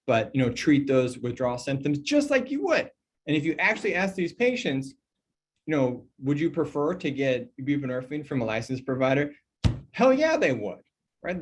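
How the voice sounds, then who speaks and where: A middle-aged man, an emergency physician and toxicologist, giving a recorded medical training lecture in a loose, conversational way with lots of fillers. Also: medium pitch. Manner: conversational and animated, many fillers, mock dialogues in a put-on voice.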